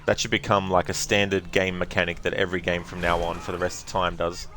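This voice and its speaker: A man's voice: low voice, level tone, fast talker, sharp tone. A man hosting a let's play, chatting casually over gameplay with rambling, laughing asides.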